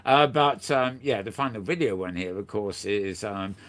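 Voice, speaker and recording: A man's voice: lowish voice, normal speed, a bit bright. A man hosting a casual news roundup, rambling along with plenty of self-corrections and frequent chuckles. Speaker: show host.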